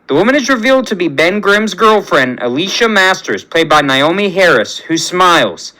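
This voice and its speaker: Man reading a fan story with a bright voice. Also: sits high, big pitch swings, moderate pace, few pauses, low-quality recording. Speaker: narrator.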